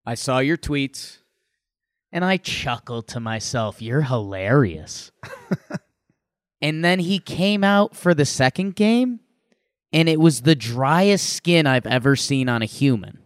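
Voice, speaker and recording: Smooth-voiced man in casual sports chat. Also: mid-range voice, lively intonation, takes it slowly, no echo, studio quality. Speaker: podcast co-host.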